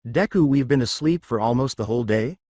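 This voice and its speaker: A man voicing a calm, caring, frog-like young girlfriend who says "ribbit" as she talks, in a lively, dry storybook fanfic reading. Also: mid-range voice, fairly quick, dry recording, close to an everyday voice. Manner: says "ribbit" in her speech.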